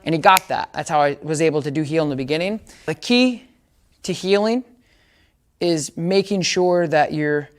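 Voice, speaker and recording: A man's voice: fairly high pitch, moderate pace. A man giving a casual dog training demonstration, explaining each step and often checking that listeners follow.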